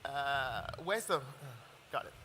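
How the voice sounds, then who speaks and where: A man's voice: medium pitch, a little hiss or hum. Male chef, easygoing stop-start demo patter, echoing hall. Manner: relaxed, halting, explains as he cooks. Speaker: chef teaching a masterclass. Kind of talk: live cooking demonstration. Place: event hall with audience. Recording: long reverb of a large hall.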